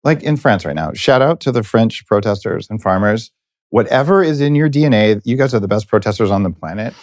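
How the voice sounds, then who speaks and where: A middle-aged man hosts a casual interview in a lowish voice. He rambles with animated enthusiasm. The sound is close and dry. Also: a little fast, no echo. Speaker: podcast host.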